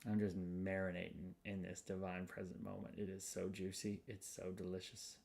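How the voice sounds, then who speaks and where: Gravelly-voiced man hosting a livestream. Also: low voice, level tone, moderate pace, darkish tone. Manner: upbeat, spiritual catchphrases, greets viewers by name. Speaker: livestream host. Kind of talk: casual livestream chat reading viewer comments.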